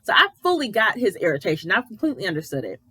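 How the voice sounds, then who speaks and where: A woman's voice: medium pitch, sing-song, very fast, pushed and bright, husky, no echo, rough recording. A woman giving a casual, opinionated recap of a reality show, retelling scenes and quoting people as she goes. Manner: chatty, opinionated, retells scenes with quoted voices. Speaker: editor.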